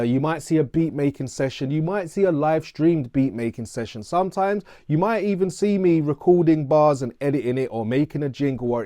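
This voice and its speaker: A man's voice: mid-range voice, warm tone, dry recording, clean studio sound. A man in his thirties from London with a London accent, giving a casual, playful, self-mocking channel intro as a vlogger and music producer. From England. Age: 30s.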